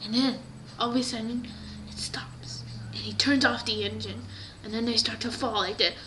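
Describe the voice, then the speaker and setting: A woman improvising a story in an animated way, often dropping into breathy whispers. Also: fairly high pitch, brisk, heavy background noise.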